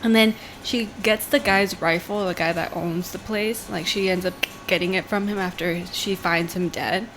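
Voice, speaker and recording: A woman co-hosting a casual podcast, talking in an easy, animated way. She leans on "like" and tells a story with quick laughs. A faint hiss sits under her voice. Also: fairly low pitch. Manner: animated retelling, says "like" often, quick laughs. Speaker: podcast co-host. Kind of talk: casual chat.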